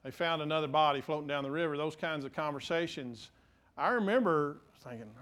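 A middle-aged man preaching a sermon, stumbling over restarts and swinging from quiet asides to emphatic points. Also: fairly high pitch, animated, brisk. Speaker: pastor.

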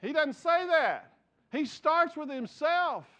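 Earnest male pastor in his forties, higher-pitched, sermon on a muffled lo-fi recording. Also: animated, slow, sharp tone. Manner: earnest, repeats words while building points.

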